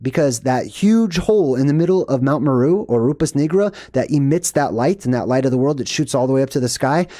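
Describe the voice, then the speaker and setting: Male host with a warm, dry voice, talking loosely and conversationally through his movie decodes. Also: animated, a little fast, hardly any pauses, dry recording. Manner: rambling, checks in with "okay?" and "boom". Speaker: movie symbolism commentator. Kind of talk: casual screen-share commentary.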